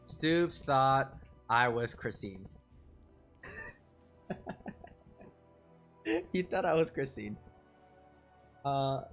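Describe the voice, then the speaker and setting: Faint music sits under this live streamer's fairly high, somewhat bright voice. He rambles through a self-deprecating story, filling it with fillers and frequent chuckles between phrases.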